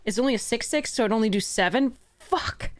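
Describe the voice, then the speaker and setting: A young woman talks through a card game on her livestream, her slightly high voice full of frustration. She swears and laughs in exasperation as the game goes against her. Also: brisk. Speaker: streamer.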